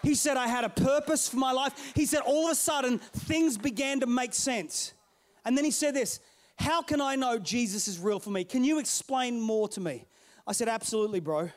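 During a sermon, a middle-aged male pastor with a very high voice tells a story at normal speed, calling out to his congregation in a playful, animated way.

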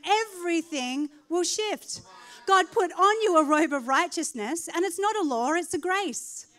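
A woman preaching a sermon, animated and rising to loud, emphatic declarations. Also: sits high. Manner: laughs at her own slip of the tongue.

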